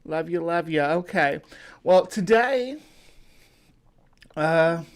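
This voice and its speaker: Rambling livestream host, fairly high voice. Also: male voice, expressive. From United States. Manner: rambling, halting, many fillers and restarts; greets viewers by name. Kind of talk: casual livestream chat.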